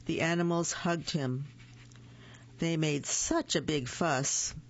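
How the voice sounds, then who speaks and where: A storyteller reading picture books aloud slowly and gently, adding small asides. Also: medium pitch, fairly even intonation, slight background noise. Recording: muffled lo-fi recording.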